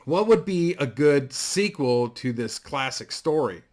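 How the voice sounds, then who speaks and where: A man's voice: medium pitch, animated, unhurried, darkish tone. A man casually and crudely rambling through a story idea, full of fillers and restarts. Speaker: vlogger.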